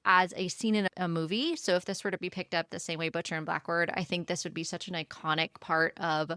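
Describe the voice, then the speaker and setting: A woman's voice: fairly low pitch, steady tone, brisk, pushed and bright, smooth, no echo, clean studio sound. A woman co-hosting a book podcast, chatting casually and animatedly about a novel and acting out the characters' lines. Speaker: podcast co-host.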